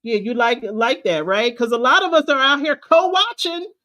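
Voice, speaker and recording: A woman's voice: fairly high pitch, sharp tone. A woman confidence coach, giving an emphatic, preachy motivational talk. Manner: preachy, emphatic, drawn-out phrasing.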